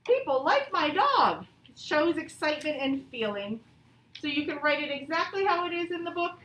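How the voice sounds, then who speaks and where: Woman teacher, high voice, patient and encouraging, slow example reading, echoey classroom, distant mic. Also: a bit bright. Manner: patient, encouraging, reads example sentences slowly. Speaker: elementary school teacher. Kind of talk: classroom grammar lesson. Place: classroom, also streamed to pupils at home.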